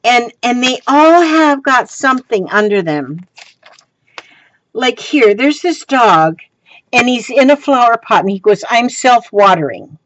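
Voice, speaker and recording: A woman's voice: a little high, sing-song, unhurried, highs cut off. A woman chatting casually as she shows her crafts, rambling with many ums and restarts and breaking into giggles. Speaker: crafting vlogger. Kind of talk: casual show-and-tell chat.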